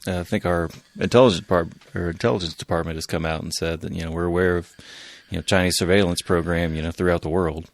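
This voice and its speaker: Fast talking deep voiced dude on a podcast, offhand, dry mic. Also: male voice, fairly even intonation, no echo. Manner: quick, offhand, mocks others with loud put-on quotes. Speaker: podcast co-host. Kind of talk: casual current-affairs chat.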